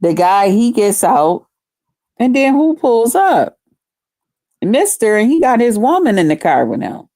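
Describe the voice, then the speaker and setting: A woman vlogger telling a story casually to her viewers, animated and profane. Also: mid-range voice, unhurried, no room sound, studio quality.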